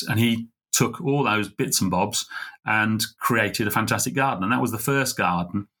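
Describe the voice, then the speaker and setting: A middle-aged man, a podcast guest, telling a heartfelt story in an earnest, halting way. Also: mid-range voice, pushed and bright. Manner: earnest, halting, full of fillers and restarts. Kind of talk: conversational storytelling.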